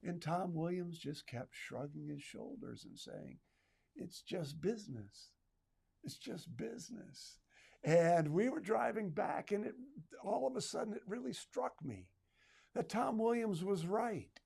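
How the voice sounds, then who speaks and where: A man's voice: high voice, animated, unhurried, gravelly, a little mellow, husky. A middle-aged man, a retail trainer, telling a personal story to retailers in a conversational way, with asides and humor.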